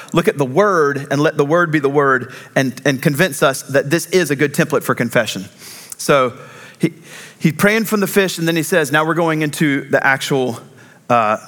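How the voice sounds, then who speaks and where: Guy preaching, earnest and emphatic, kinda higher voice, slows on the big lines. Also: fairly bright tone. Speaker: pastor. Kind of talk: sermon.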